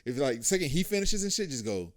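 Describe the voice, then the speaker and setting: A man's voice: high-pitched, animated, fast. A man in his thirties co-hosting a casual podcast chat, loose and profane, laughing often. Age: 30s. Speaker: podcast co-host.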